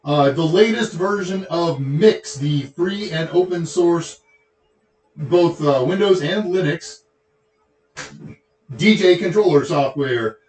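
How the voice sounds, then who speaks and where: A man's voice: on the high side, darkish tone. Chatty Texan man in an echoey room. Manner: rambling, joking asides. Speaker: tech show host. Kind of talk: casual livestream chat.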